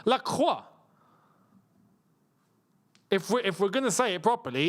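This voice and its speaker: A young man hosting a live football watchalong, chatting casually and shouting at near misses. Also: sits high, unhurried. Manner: excitable, shouts at chances, chatty slang. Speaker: football channel host. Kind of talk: live match watchalong commentary.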